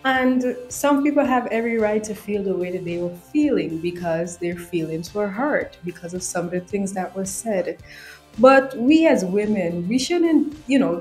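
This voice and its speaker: Woman co-host, calm and reflective, mellow voice. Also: mid-range voice. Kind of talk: casual commentary. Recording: roomy echo.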